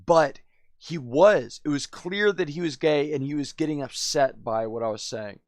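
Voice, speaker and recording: A man's voice: a little high, normal speed, dry recording. A man live streaming, telling a story in a rambling, slangy way, constantly saying "dude" and "man". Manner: laughs often, drifts loud then quiet.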